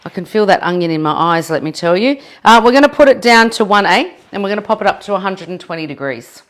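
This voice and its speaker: A woman's voice: medium pitch, lively intonation, quick pace. A woman with an Australian accent leading a live cooking demonstration in a kitchen, chatty and self-deprecating. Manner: chatty and self-deprecating, laughs at her own mess. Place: home kitchen.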